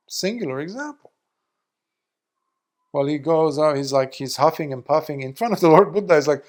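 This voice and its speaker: A man, a Buddhist monk, giving a storytelling Dharma talk and acting out the people in the tale. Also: vocal fry. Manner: animated storyteller, acting out quoted speakers with big jumps in pitch and loudness.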